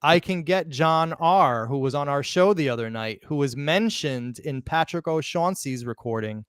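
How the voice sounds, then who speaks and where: A man hosting a live podcast, talking excitedly and emphatically, often restarting words mid-sentence. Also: a little high, normal speed, clean tone, no echo, clean studio sound. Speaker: podcast host.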